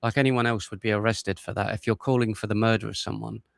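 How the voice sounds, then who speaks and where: A man hosts a live stream and reacts to clips in a blunt, scornful way, swearing freely. His voice is gravelly, and the sound is dry and close. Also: lowish voice, little pitch movement, fast talker, no echo. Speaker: livestream host. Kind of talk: casual reaction commentary.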